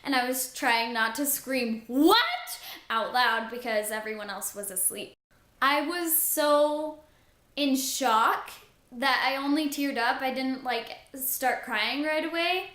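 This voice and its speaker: A young woman chats through a casual book review vlog, gushing and excitable with lots of "like". Her voice sits high and bright. She takes her time, and the room around her rings with echo. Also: takes it slowly. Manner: gushing, excitable, says "like" often.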